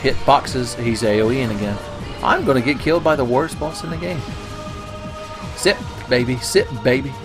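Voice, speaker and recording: A man's voice: mid-range voice, animated, a little fast, music in the background. A man giving casual, sarcastic commentary over his own gameplay, swearing often and cracking jokes. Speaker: gaming video host.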